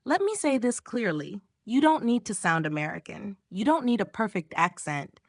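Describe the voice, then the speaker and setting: A woman's voice: mid-range voice, sing-song, no room sound, studio quality. Woman teaching in short, emphatic phrases. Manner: measured, emphatic delivery in short listed phrases. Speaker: English pronunciation teacher. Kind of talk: scripted instructional narration.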